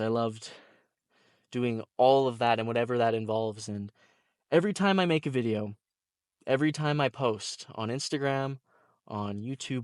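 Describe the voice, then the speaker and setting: A man's voice: medium pitch, dry recording, clean studio sound. A young man, a content creator, talking to camera in an earnest, heartfelt personal vlog, teary-eyed and talkative. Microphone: camera mic, talking to camera.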